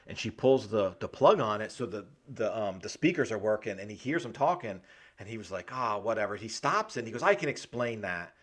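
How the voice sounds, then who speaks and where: A man's voice: on the low side, lively intonation, fairly quick, husky. Profane man animatedly retelling a movie. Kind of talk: casual movie recap chat.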